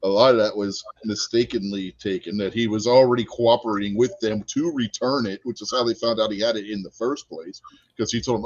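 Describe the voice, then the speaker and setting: A man's voice: on the low side, fairly even intonation, brisk, husky, no echo, highs cut off. Man, podcast host, casual political chat, dry close sound. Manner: laughs, jokes around with guests.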